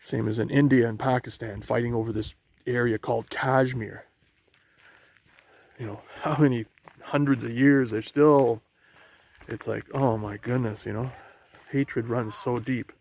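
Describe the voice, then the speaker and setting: A man with a gravelly, creaky voice talks into a handheld camera while walking outdoors on a trail. He thinks aloud, halting and restarting often, in a loose vlog style. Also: medium pitch, fairly even intonation, darkish tone, no room sound. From Canada. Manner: halting, musing, many restarts. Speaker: vlogger. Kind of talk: rambling walk-and-talk vlog.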